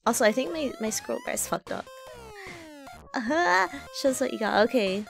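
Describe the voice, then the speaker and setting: A young woman streaming a game live, reacting excitably and swearing as she plays. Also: a little high, normal speed, gravelly, over music. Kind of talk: live gameplay commentary.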